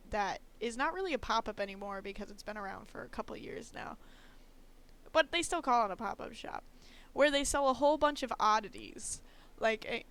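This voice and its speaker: A woman's voice: fairly high pitch, fairly bright tone. A woman streamer chatting casually and laughing a lot while she draws live. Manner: giggly, chatty, self-teasing.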